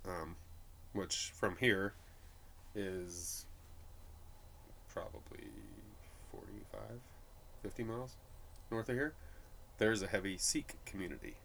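A man's voice: on the low side, slow, vocal fry, long pauses, fairly bright tone, a little hiss or hum. A man from New Mexico, a brewery guide, chatting casually and laughing easily between many fillers. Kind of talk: casual conversation.

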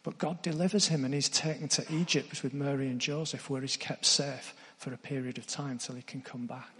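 A man's voice: medium pitch, fairly bright tone, big-room sound. A man preaching a sermon, earnest, putting direct questions to his congregation.

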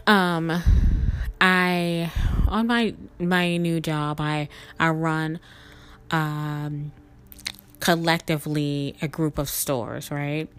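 A woman's voice: low-pitched, steady tone, drawn-out words, a bit bright, smooth. A young woman hosting a podcast, telling a spiritual story in a chatty, emotional way with laughs and fillers. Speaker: podcast host.

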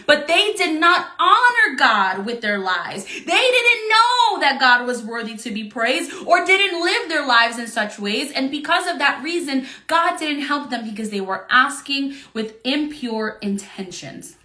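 An earnest woman teaching from the Bible in a devotional talk, expressive and given to repeating phrases. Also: sits high, measured pace, hardly any pauses, roomy sound.

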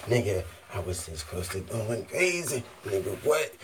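A man's voice: lowish voice, big pitch swings, unhurried, hardly any pauses, slight background noise. A man on an arena stage giving a profane, free-associating monologue into a handheld mic. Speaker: stage performer. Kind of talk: rambling freestyle monologue.

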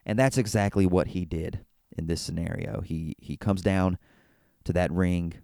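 A man's voice: sits low, fairly even intonation, moderate pace, gravelly, mellow, clear, resonant tone, dry recording, clean studio sound. A man hosting a solo wrestling talk show, recapping an event in an enthusiastic, rambling way with frequent restarts. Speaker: wrestling podcast host. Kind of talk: casual solo commentary.

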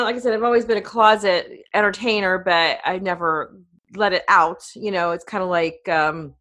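A woman's voice: on the low side, fairly bright tone. A middle-aged woman, a podcast host appearing as a guest, chatting in a rambling, talkative way with frequent laughter. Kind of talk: casual interview chat.

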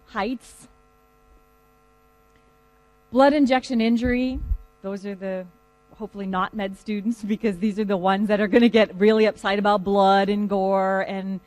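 In a conversational classroom talk, a lecturer tells lively stories to students. The voice is medium in pitch, and the recording is dry and of poor quality.

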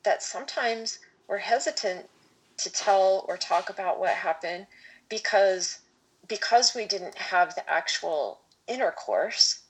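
A woman podcast host speaking in a measured, reflective way, often restarting her phrases. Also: mid-range voice, breathy edge, rough recording. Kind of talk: podcast conversation.

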